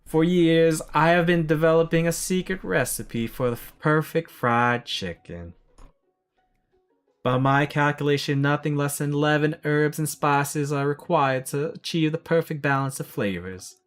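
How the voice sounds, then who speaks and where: A man voicing a folksy old fried-chicken colonel in a put-on Southern country accent, slow and grandly formal. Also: fairly high pitch, animated, clean tone, faint music behind. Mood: grandiose. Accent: put-on American Southern country.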